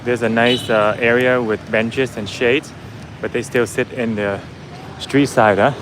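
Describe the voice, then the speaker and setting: A man's voice: medium pitch, fairly even intonation, a little slow, background noise. A man vlogging casually as he walks outdoors, chatting with his viewers and laughing easily. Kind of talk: casual walking vlog. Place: outdoors on a busy city street.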